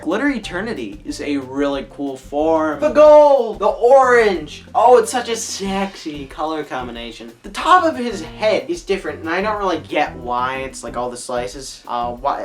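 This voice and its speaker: A woman giving an opinionated review monologue, animated and exclaiming, often ranting. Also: sits low. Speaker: video reviewer.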